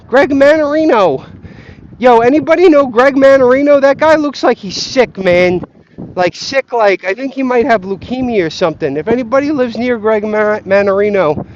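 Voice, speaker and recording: A man's voice: sits high, lively intonation, moderate pace, highs cut off, slight background noise. A man rambling and swearing as he walks outdoors, easily sidetracked and scattered. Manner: profane, scattered, easily distracted. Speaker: vlogger. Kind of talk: rambling walk-and-talk rant. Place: outdoors on a windy walk.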